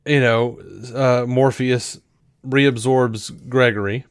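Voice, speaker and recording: A man in casual podcast chat, at an average pitch for a man, recorded close and dry. He rambles along with fillers and restarts and breaks into animated acted-out quotes as he retells scenes. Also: slow, smooth, no room sound. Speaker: podcast co-host.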